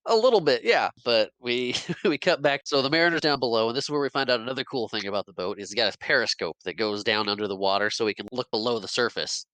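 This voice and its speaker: A man's voice: medium pitch, fast, few pauses, bright, forceful tone, no echo, low-quality recording. A man co-hosting a podcast, retelling a film scene by scene in casual chat, with frequent restarts and small laughs. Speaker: podcast co-host. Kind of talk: casual movie recap chat.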